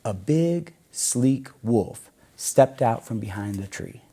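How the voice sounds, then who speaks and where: A man reading a children's story aloud in a gentle, expressive storytelling way. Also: medium pitch, slow pace.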